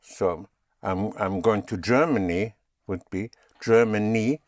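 A man's voice: on the low side, slow, pauses often, darkish tone, no room sound, studio quality. A man teaching German, patiently spelling words out and having learners repeat them. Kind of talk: slow language lesson.

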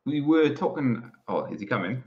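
A man's voice: mid-range voice, animated, moderate pace. A man co-hosting a podcast, a parent who chats in a friendly, teasing way. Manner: friendly, teasing, lists things. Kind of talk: casual chat. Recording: slightly dull lo-fi audio.

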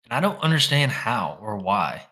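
A young man with a Southern Arkansas accent who teases his co-host with deadpan jokes. His voice is low-pitched but bright and forward. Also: moderate pace. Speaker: podcast co-host. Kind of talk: casual chat.

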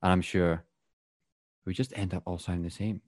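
A man's voice: low voice, flat delivery, moderate pace, darkish tone, no room sound, clean studio sound. A man, co-hosting a podcast in casual chat, wry and often trailing off into a mutter. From Perth, Scotland. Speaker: podcast co-host.

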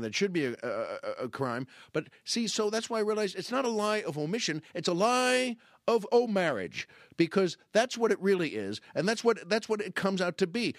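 A middle-aged man with a slightly high voice hosts a podcast monologue. He tells comic stories from his own life in a wry, lively, mock-exasperated way. He stumbles over repeated words, and the close, dry sound has no room echo. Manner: animated, wry, mock-exasperated, stammering restarts. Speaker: podcast host.

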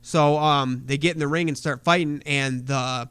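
A podcast co-host telling a wrestling story in casual, profane chat, full of fillers. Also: male voice, a little high, steady tone, moderate pace, a bit bright, clean tone, no echo.

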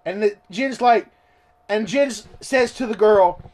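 A man reading a story aloud and ranting about it in excitable, profane commentary. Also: high voice, a little slow. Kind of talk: ranting read-along commentary.

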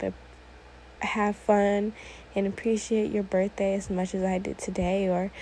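Mellow and medium-pitched, the eighteen-year-old host rambles through her casual solo podcast, easily sidetracked and leaning on "like" again and again. She sounds a little teary and emotional. Poor audio with a faint hiss or hum.

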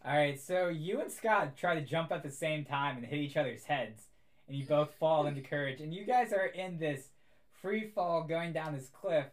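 This is a young adult game master narrating a tabletop game among friends. The delivery is casual and amused and full of little fillers, and the pitch sits in a middle range. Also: moderate pace.

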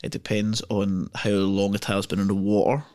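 A man's voice: fairly low pitch, little pitch movement, moderate pace, a little mellow. A man co-hosting a film podcast, thinking aloud in rambling, restarting sentences. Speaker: podcast co-host. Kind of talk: casual film chat.

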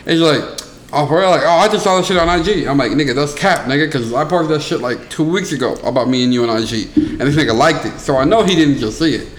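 A young man on a casual podcast, telling a story in an animated way with lots of crude slang. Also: on the high side, quick pace. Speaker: podcast co-host. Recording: echoey room with faint noise.

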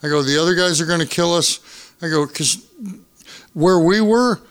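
A man tells a wild story on a podcast, swearing freely and acting out each quote. His voice sits somewhat high. He keeps the story rolling. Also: moderate pace, clear, resonant tone. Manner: profane, animated, acts out quotes. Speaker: guest storyteller. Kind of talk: casual storytelling.

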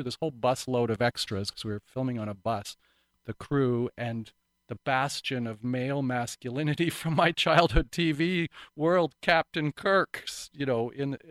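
A man's voice: mid-range voice, no echo. A middle-aged man who is an actor, telling his life story candidly in an interview, reflective and earnest with frequent restarts.

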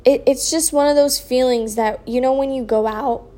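A young woman casually telling a personal story on her vlog, sleepy and yawning, her speech slow and drawn out and full of "like" and soft trailing asides. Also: high-pitched, fairly even intonation. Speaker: vlogger sharing a personal story.

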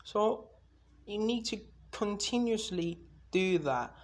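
This man hosts a solo podcast in a high-pitched, animated voice, speaking slowly. His casual monologue rambles and jumps between subjects, he swears freely, and he acts out mock dialogue.

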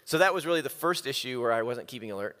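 A man's voice: mid-range voice, lively intonation, fast talker, fairly bright tone, long reverb tail, slight background noise. A man giving a humorous, self-mocking sermon, telling stories and acting out the quotes. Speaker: speaker.

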